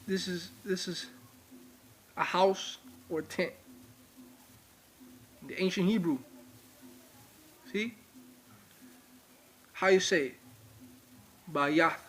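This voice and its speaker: A man's voice: sits high, slow pace, long pauses, fairly bright tone, a little hiss or hum. A man giving an informal religious lecture, repeating points and speaking straight to his viewers. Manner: emphatic, repetitive, addresses viewers directly. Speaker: religious teacher.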